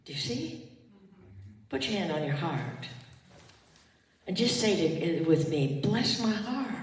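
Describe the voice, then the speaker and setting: Older woman minister, slow heartfelt sermon, heard from a distance in a reverberant chapel. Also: deep voice, big pitch swings. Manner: emotional, heartfelt, leads the congregation in call and response. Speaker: retired minister. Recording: echoey hall, far from the mic.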